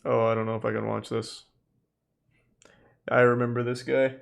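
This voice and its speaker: A man's voice: mid-range voice, little pitch movement, moderate pace, vocal fry. A man streaming, making dry, sardonic remarks as he watches videos. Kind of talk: casual stream commentary.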